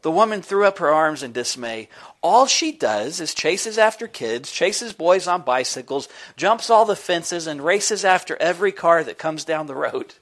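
A man voicing a desperate, excited woman who owns an unruly dog, as he reads a story aloud. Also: on the high side, moderate pace, voice pushed up. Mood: frantic. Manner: frantic, pleading.

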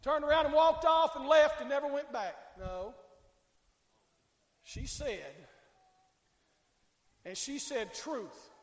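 A male pastor preaching a fiery sermon, swinging between shouting and hushed tones and calling out to the congregation. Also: very high voice, takes it slowly, long pauses. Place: church sanctuary. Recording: echoey church hall with long reverb.

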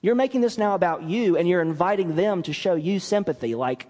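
A man preaching a sermon as pastor, lively and animated, acting out quoted apologies as he teaches. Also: high voice, fairly quick, long reverb tail. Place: church sanctuary.

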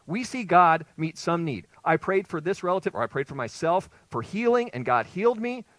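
Male pastor, lively conversational sermon, dry close sound, very expressive pitch. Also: normal speed, no echo, rough recording. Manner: lively, conversational preaching with rhetorical questions. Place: church sanctuary with congregation.

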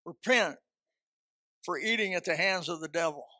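A male preacher with a high, bright, ringing voice delivers a fervent sermon. He tells homespun stories, repeats his key phrases, and often climbs into loud, high-pitched outbursts. The sound is dry and close. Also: normal speed, no echo. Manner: folksy storytelling with repeated phrases.

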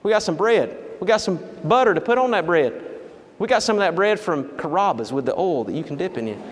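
A wicked queen cajoles her sulking husband in a fairly high, sweet-talking voice, as a preacher puts her on. Her coaxing rings out in an echoey hall. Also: lively intonation, a little fast, slight background noise.

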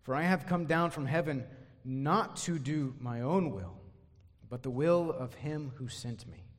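A man's voice: mid-range voice, unhurried, in a large hall. A man preaching an expository sermon, emphatic, often repeating words as he drives a point home.

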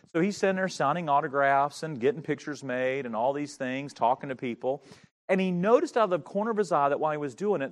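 A man preaching a sermon in church as a visiting pastor, telling a story with emphasis. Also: fairly high pitch.

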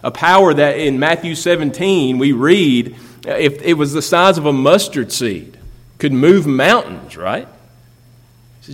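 A man's voice: on the high side, expressive, a little slow. Preaching man in a reverberant hall. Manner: preaching with rising emphasis and rhetorical questions. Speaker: pastor. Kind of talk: sermon. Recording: long reverb of a large hall.

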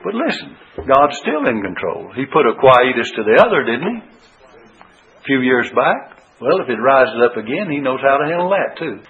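A man teaching from the Bible in a folksy, conversational way, rising high in pitch when he gets stirred up. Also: very animated, normal speed. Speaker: preacher. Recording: tinny phone-like radio broadcast.

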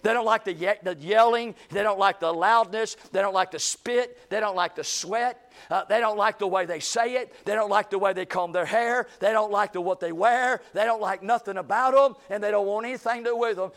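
A man preaching a revival sermon, swinging between loud shouting and hushed low lines. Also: brisk, vocal fry, hardly any pauses.

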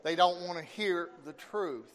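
A man preaching a sermon, slow and emphatic, with dramatic pauses between phrases. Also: sits high.

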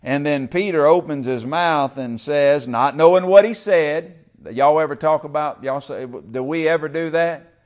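A man preaching a sermon in church, talking with the congregation and swinging from loud, stretched-out calls to quiet whispers. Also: on the high side, unhurried. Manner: talks with the congregation, calls for amen and uses y'all. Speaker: pastor.

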